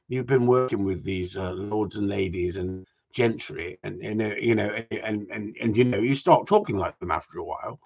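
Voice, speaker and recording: Guy on a livestream, gravelly and husky, bouncy pitch, slightly muffled sound. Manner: rambling, joking, swearing, talking to viewers. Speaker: gundog trainer. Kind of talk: casual livestream chat.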